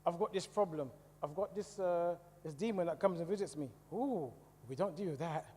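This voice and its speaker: A man's voice: high-pitched, normal speed, a little mellow, breathy edge. A man from the West Indies giving a conversational testimony to a church congregation, often asking the audience questions. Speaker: church speaker. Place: church hall. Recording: long hall reverb.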